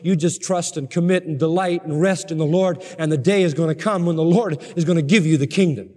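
A man preaching a sermon to a congregation, emphatic and building to excited peaks. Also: a little high, a little fast, big-room sound. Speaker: pastor.

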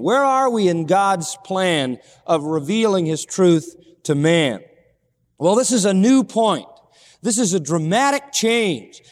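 A man's voice: sits high, big-room sound. A man preaching a sermon emphatically, repeating key phrases and asking rhetorical questions.

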